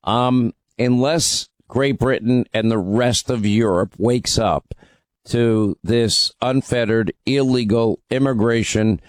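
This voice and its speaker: A male talk radio host with an ordinary mid-pitched voice, recorded dry and close in the studio. He talks emphatically, taking calls and commenting, and fills his pauses with "uh" and "you know.". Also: no room sound. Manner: emphatic, with frequent fillers.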